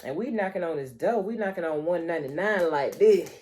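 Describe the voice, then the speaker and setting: A woman's voice: on the low side, animated, a little fast, darkish tone. A woman vlogger, chatting playfully to her viewers and calling them honey and child. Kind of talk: casual chat to camera.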